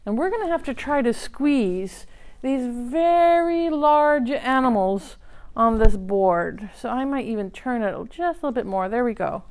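A woman librarian leading a toddler storytime, reading in a slow, sing-song, animated way with loud sound-effect shouts. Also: on the high side. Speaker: children's librarian.

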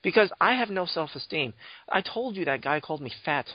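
A man's voice: on the high side, lively intonation, brisk, husky, no room sound. A young man hosting a podcast, chatting casually in a teasing, mock-offended, rambling way. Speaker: podcast host. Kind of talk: casual banter. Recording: dull lo-fi dry audio.

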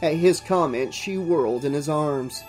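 A channel host reading a horror novel aloud in steady audiobook narration. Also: medium pitch, normal speed, soft background music. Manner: steady storytelling read.

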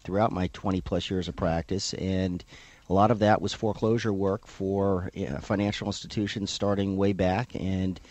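Lower-voiced middle-aged man, calm attorney. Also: no echo. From South Florida. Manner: measured, explanatory, with frequent filler uhs. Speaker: attorney guest. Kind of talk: radio interview. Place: radio studio.

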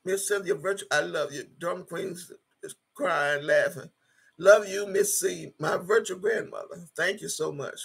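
A woman in her sixties hosts a casual livestream from home, reading viewer comments aloud. She's blunt, profane, and emphatic, repeating herself often. Her voice is low, gravelly, and husky, and she speaks unhurriedly.

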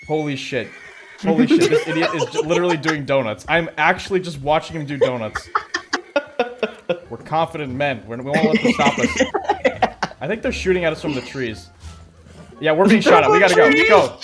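Loud excitable gamer guy, high lively voice. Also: a little fast, a loud crowd. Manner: loud, excitable, swearing and laughing, yelling orders. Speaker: gaming video creator. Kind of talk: casual gaming chat.

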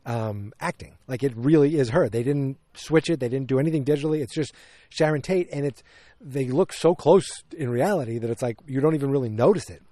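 A man's voice: mid-range voice, brisk, dark tone, no echo. Rambling man reviewing a movie. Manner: rambling, self-correcting, opinionated. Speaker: podcast host. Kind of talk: casual movie review chat.

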